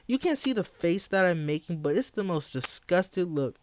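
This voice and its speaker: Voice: mid-range voice, lively intonation, moderate pace, few pauses. A livestreamer ranting to chat in a blunt, sarcastic, exasperated way, repeating phrases for emphasis.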